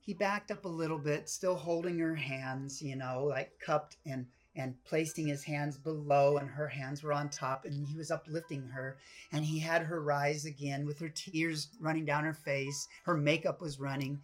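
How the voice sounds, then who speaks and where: A woman's voice: low voice, moderate pace. A woman guest telling a story in a casual interview, acting out the voices of people in it. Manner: animated, acts out quoted voices.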